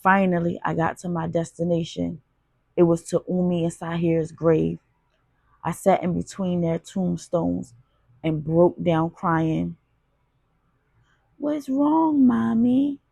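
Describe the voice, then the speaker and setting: A woman's voice: on the low side, monotone, a little slow, creaky, dark tone, dry recording. A woman narrating a gritty first-person audiobook in a raw, confessional storytelling manner.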